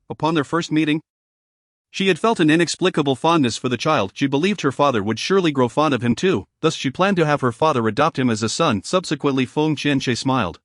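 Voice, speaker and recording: Dry, slightly high male storyteller. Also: brisk, dry recording. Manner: even, formal reading. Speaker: narrator. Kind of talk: scripted storybook narration.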